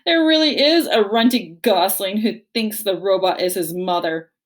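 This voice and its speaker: A woman's voice: mid-range voice, moderate pace, natural voice. A woman voicing a sarcastic, bossy young female bear.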